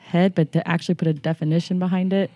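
A young woman co-hosting a podcast, chatting casually with quick, wry remarks. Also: lowish voice, level tone, mellow, no echo. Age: young adult. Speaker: podcast co-host.

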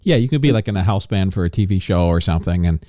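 A man hosting a podcast, talking in a relaxed, agreeable way. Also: deep voice, fast talker, no room sound, clean studio sound. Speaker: podcast host. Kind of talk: casual chat.

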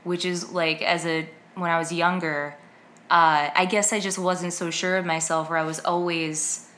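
A woman's voice: lowish voice, steady tone, normal speed, fairly bright tone. A young adult woman co-hosting a podcast, chatting and rambling with lots of fillers. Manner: chatty, rambling, fond of repeated yeahs. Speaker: podcast co-host. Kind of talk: casual chat.

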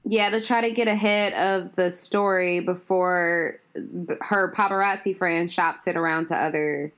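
A woman's voice: on the low side, steady tone, a little slow, a bit bright. A woman co-hosting a casual chat, adding details and finishing her partner's sentences. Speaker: podcast co-host.

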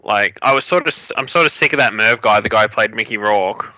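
Bright, dry-sounding man. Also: lowish voice, brisk, no room sound, rough recording. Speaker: podcast guest. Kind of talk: casual film review chat.

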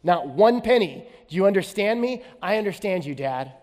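A man's voice: on the high side, lively intonation, brisk, big-room sound, close to an everyday voice. A man voicing an exasperated father who lectures his young daughter in a stern way, within a sermon story.

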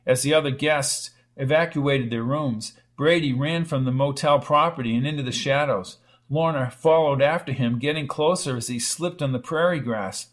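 Man narrating a dramatic sci-fi audiobook. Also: on the high side. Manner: dramatic, measured reading. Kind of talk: scripted narration.

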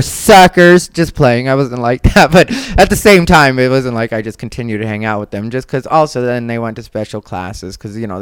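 A defiant woman holds forth on her own podcast, talking bluntly and refusing to soften anything. Her voice is smooth and clear. The sound is dry and close, with no room echo. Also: sits low. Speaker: podcast host. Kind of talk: opinionated solo podcast monologue. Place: Las Vegas.

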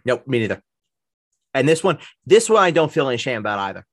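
A man's voice: medium pitch, big pitch swings, fast talker, fairly bright tone. A man co-hosting a podcast in casual sports chat, opinionated and given to repeating words as he starts. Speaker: podcast co-host.

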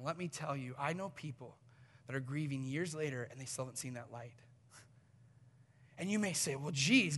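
A man preaching a sermon as pastor, moving between loud urgent appeals and hushed, almost whispered passages, and acting out short exchanges with the people he describes. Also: sits high, expressive, normal speed. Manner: acts out short quoted exchanges.

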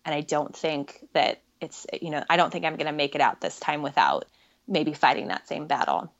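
A woman in her thirties, a podcast guest, talks candidly and reflectively about her experiences in an earnest manner with frequent fillers. Her low, creaky voice has lively intonation and a normal pace. The recording has its highs cut off.

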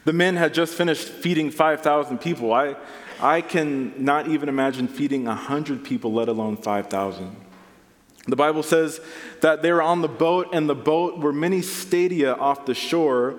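A man's voice: fairly high pitch, moderate pace, in a large hall. A man preaching an earnest sermon, building to emphatic peaks. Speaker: pastor.

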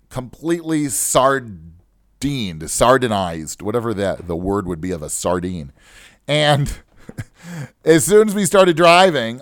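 A man's voice: mid-range voice, no room sound, studio quality. A man hosting a personal finance podcast, telling a long chatty story full of rhetorical "right?" asides. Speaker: podcast host. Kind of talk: storytelling monologue.

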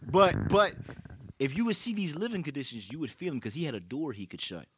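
A man's voice: a little high, a little fast, noisy background. A young man telling a story in casual chat, swearing a lot and acting out what others said. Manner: animated, swears a lot, acts out quotes loudly.

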